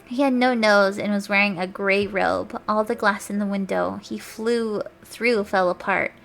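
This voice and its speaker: A woman's voice: medium pitch, fairly even intonation, unhurried, vocal fry, a bit bright, faint music behind. Brief: young female streamer, mock-dramatic reading, casual asides, trips over words. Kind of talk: reading a fanfic aloud on stream.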